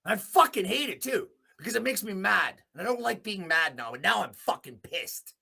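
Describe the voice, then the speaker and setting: A furious man from Alberta, Canada, hosts his own podcast in a small room. His voice is raspy and gravelly, and it sits high and bright. He delivers a defiant, profane rant that swings from low grumbles to shouts. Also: very animated, moderate pace. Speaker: host. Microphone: podcast mic in a small room.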